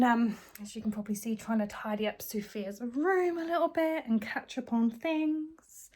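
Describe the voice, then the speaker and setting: Tired, chatty mum vlogging. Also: female voice, on the high side, darkish tone. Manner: rambling, chatty, with many ums. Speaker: homemaker vlogger, mother. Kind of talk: casual vlog chat. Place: at home.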